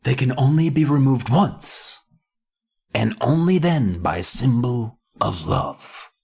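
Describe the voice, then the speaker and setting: A man's voice: mid-range voice, expressive, takes it slowly, creaky, darkish tone, husky, heavily acted. A man playing a stubborn, evasive mask shop owner who brushes off every question with curt refusals.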